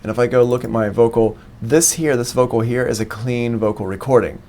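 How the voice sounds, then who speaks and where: A man's voice: mid-range voice, fairly quick, darkish tone, a little hiss or hum. A man giving a live-streamed music production lesson, explaining steps on screen one by one into a studio microphone. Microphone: studio microphone plugged into an interface.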